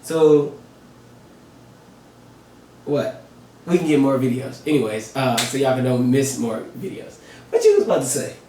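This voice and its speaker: A man's voice: medium pitch, big pitch swings, measured pace, long pauses, mellow, far from the mic, a little hiss or hum. A man hosting a reaction video, talking in a laid-back, slangy, joking way. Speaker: reaction channel host. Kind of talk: casual chat. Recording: roomy, a bit off-mic.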